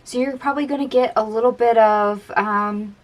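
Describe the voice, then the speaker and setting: A woman giving a casual tarot card reading, chatty and dreamy, musing aloud over the cards in a gentle, encouraging way. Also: fairly high pitch, fairly even intonation, normal speed. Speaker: tarot reader.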